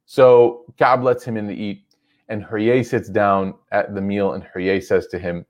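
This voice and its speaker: A man's voice: fairly low pitch, little pitch movement, unhurried, darkish tone. A man giving a religious lecture, retelling a story in a loose, conversational way full of "like" and "you know".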